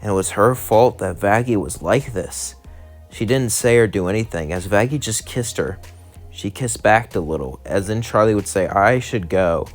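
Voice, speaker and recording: A man's voice: on the low side, moderate pace, faint music behind. A man casually narrating a fan-made what-if story in a loose, rambling way. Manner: casual, loose, keeps saying "would say".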